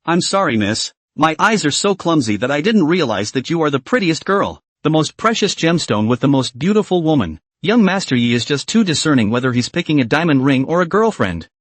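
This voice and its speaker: Guy doing a bootlicking shop manager, gushy flattery, lively up and down voice. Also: on the high side, brisk, hardly any pauses, no echo. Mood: flattering. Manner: gushing, flattering. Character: fawning middle-aged male jewelry store manager.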